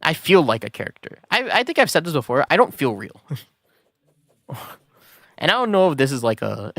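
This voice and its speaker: A man's voice: fairly high pitch, big pitch swings, normal speed, vocal fry, fairly bright tone, no echo, studio quality. A man streaming a game, telling a story in a casual, rambling way with many fillers and restarts. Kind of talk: casual storytelling while gaming.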